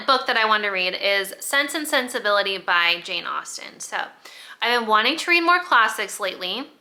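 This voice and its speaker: A woman book vlogger in casual chat, retelling a plot in an animated way, with frequent laughs and exclamations. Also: medium pitch.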